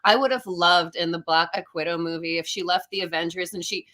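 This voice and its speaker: A woman guest in casual podcast chat, blunt and profane, turning quieter when she criticizes. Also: on the low side, fairly even intonation, brisk. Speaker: guest filmmaker.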